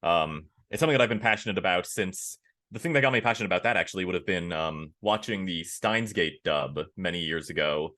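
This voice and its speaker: Man, voice actor guest, lowish bright voice, casual animated chat, candid. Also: a little fast. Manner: animated, acts out quoted lines with big pitch jumps.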